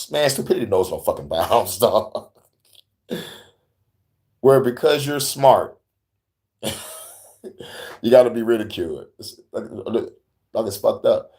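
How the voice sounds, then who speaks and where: A young man hosting an online talk show, reacting in casual, profane slang and laughing often. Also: medium pitch. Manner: animated, laughing, swearing, slangy. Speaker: host.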